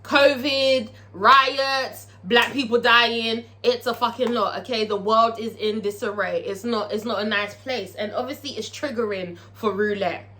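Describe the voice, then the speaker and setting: A woman's voice: on the high side, fairly even intonation, a little slow, hardly any pauses, sharp tone. A British woman recapping a TV episode in a casual, profane, chatty way, as a show reviewer.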